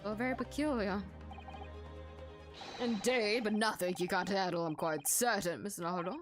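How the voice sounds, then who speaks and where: Eccentric, self-assured Victorian gentleman detective, put on by a woman reading game lines; airy and dismissive. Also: mid-range voice, normal speed, soft background music, close to an everyday voice. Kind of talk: game dialogue read aloud.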